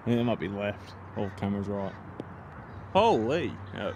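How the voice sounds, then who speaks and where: An Australian man filming and commentating his golf round outdoors, excitable and chatty. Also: fairly low pitch, normal speed, noisy background. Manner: lively, excitable.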